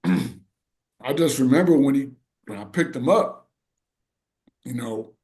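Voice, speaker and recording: A man's voice: mid-range voice, lively intonation, a little slow, darkish tone. A middle-aged man co-hosting a podcast, telling an emotional family story in a rambling, casual way. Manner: rambling, full of "you know" and "right". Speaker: podcast co-host.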